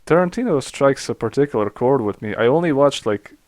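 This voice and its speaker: A man's voice: mid-range voice, animated, a little fast, darkish tone, no echo. A man co-hosting a podcast in casual chat, hesitant and searching for his words. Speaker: podcast co-host.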